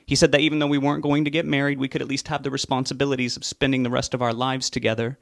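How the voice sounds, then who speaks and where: A man's voice: mid-range voice, level tone, rapid-fire, creaky, dry recording, clean studio sound, voice pushed up, natural voice. A man voicing a grieving, pleading middle-aged mother who speaks tearfully and insistently. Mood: calm.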